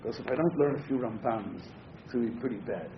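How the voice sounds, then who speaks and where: A man's voice: mid-range voice, fast talker, background noise. A man teaching a Torah class, reading Hebrew verses aloud and translating them, with frequent hesitant fillers between phrases. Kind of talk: text-based Torah class. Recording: muffled roomy classroom recording.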